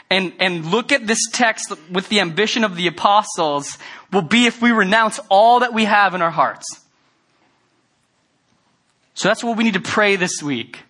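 A man preaching a sermon, talking casually and earnestly, then building to loud, emphatic stretches. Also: high voice, expressive, moderate pace. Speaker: pastor.

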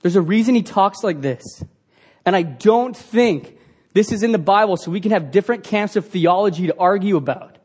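A man's voice: high voice, moderate pace, a little mellow, husky. A man preaching a sermon as pastor, earnest and emphatic, asking the congregation rhetorical questions.

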